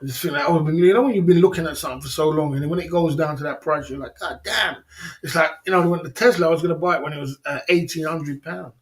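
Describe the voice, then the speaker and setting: A man's voice: a little high, rapid-fire, hardly any pauses. A man hosting a casual livestream, rambling about stocks and reading chat comments, often repeating "you know what I mean". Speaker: livestream host.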